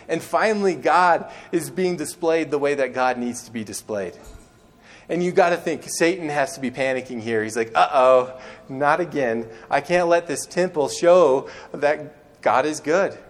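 A young man preaching a sermon, telling stories conversationally and acting out quoted lines, sometimes restarting words. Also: on the high side. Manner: storytelling with acted-out quotes. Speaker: pastor.

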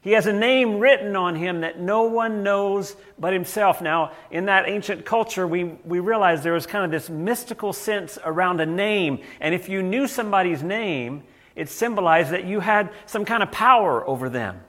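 A male pastor giving a sermon in a relaxed, conversational manner. His voice sits a little higher than most men's. He often stumbles over and repeats words as he explains his point. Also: normal speed. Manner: conversational preaching with frequent repeated words and restarts.

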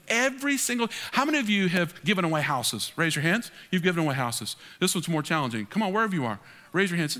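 A middle-aged man, preaching a sermon as pastor, emphatic and animated. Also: high-pitched. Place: large church hall. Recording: long hall reverb.

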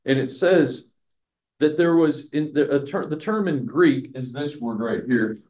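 A man's voice: medium pitch, a little slow, darkish tone, highs cut off. A man teaching a Bible passage verse by verse, chatty, asking his listeners questions and laughing at his own jokes. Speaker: pastor teaching a Bible study.

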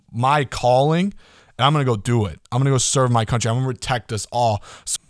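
An excitable young man in his early twenties talks alone into a close mic, his mid-range voice bouncing along as he rambles and swears casually. The sound is dry and close, with no room behind him. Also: medium pitch, dry recording. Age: early 20s. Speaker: podcast host. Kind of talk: casual solo podcast talk.

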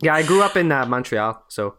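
A man's voice: on the high side, big pitch swings, brisk, sharp tone. A man from Canada with a Canadian accent, co-hosting a podcast in a rambling casual chat full of fillers and restarts. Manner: rambling, many fillers and restarts, easily amused. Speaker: podcast co-host.

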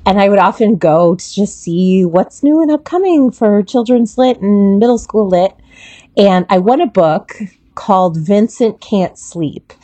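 A woman who is an educator and parent, chatting on a podcast and telling expressive, animated stories about reading with her children. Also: medium pitch, a little slow, no room sound. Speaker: guest educator. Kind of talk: casual podcast chat.

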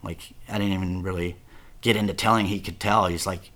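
Deep-voiced man telling a raw story. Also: steady tone, brisk, a bit bright. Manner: profane, rambling, repeats words and says "dude" often. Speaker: guest telling his life story. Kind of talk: casual confessional storytelling.

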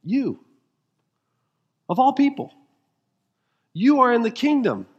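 A man preaching a sermon as pastor, emphatic and full of rhetorical questions, moving between quiet intensity and rising fervor. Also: extremely high pitch, big pitch swings, slow, husky, highs cut off.

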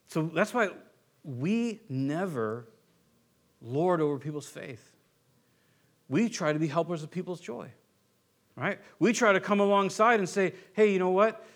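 A pastor preaching a sermon with animated delivery. He acts out quoted voices and swings between loud outbursts and hushed asides. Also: a little high, normal speed.

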